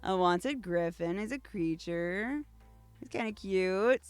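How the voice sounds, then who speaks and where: A woman's voice: lowish voice, takes it slowly, clear, resonant tone, faint music behind. A woman hosting a casual unboxing video, reading card text aloud between gushing asides. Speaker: VTuber host.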